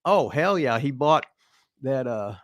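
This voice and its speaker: A man's voice: mid-range voice, lively intonation, a little slow, dry recording, clean studio sound. A man in his seventies from Indiana, hosting and telling rambling, profane stories from his past. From Indiana, USA. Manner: profane, rambling anecdotes full of restarts. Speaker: show host telling stories. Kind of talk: casual storytelling chat.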